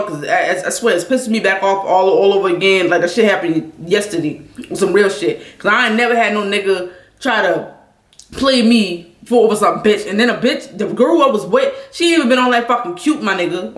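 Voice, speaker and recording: A woman rants on a livestream, loud and blunt and full of profanity. Her voice sits at a middle pitch. The recording carries a roomy echo. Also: a little fast. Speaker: vlogger venting on a livestream. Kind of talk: angry venting story.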